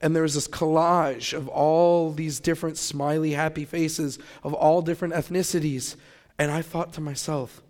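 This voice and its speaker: A young man from Grand Rapids tells the story of how he came to faith. His voice sits a little high for a man. He keeps it casual and lively, slipping into his own remembered thoughts as if replaying them. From Grand Rapids, Michigan. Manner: conversational, animated retelling with quoted inner thoughts. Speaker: testimony speaker. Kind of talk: personal testimony storytelling.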